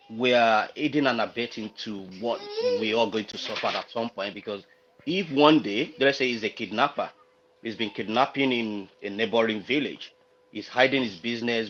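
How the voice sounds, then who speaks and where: A man's voice: fairly low pitch, normal speed, a bit bright, highs cut off. A man from Nigeria on a livestream panel, talking unhurriedly, searching for words and citing proverbs. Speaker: panel guest. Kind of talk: casual discussion on a livestream.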